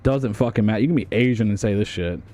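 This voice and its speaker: A man's voice: fairly low pitch, fast, warm tone. A young man streaming, chatting casually in a jokey, profane way.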